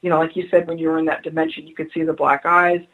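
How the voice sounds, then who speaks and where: A woman interviewed on the radio as a spiritual adviser tells stories earnestly, choked up, repeating key phrases for emphasis. Her low voice barely shifts in pitch and comes quickly, with phone-quality sound.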